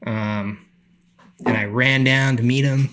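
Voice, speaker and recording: A middle-aged man telling a story on a podcast, animated, acting out the people he quotes. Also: medium pitch, takes it slowly. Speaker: podcast guest. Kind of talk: casual storytelling.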